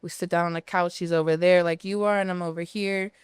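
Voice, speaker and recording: Philly woman in her thirties, podcast guest, lowish voice, very smooth and dry, blunt and profane storyteller. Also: fairly even intonation, quick pace, no room sound. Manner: candid and profane, tells her story at length. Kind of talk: casual storytelling interview.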